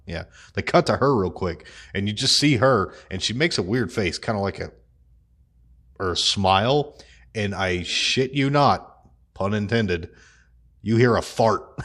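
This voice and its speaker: A man with a lowish voice talks through a casual commentary vlog. He swears freely, cracks crude jokes and laughs at his own humor as he goes. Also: unhurried, a bit bright. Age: adult. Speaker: vlog host.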